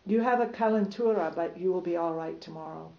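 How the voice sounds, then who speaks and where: A woman voicing a ghostly foreign ship's pilot, calm and reassuring as she reads him aloud. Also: high-pitched, a little fast, creaky. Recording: roomy, slightly dull recording.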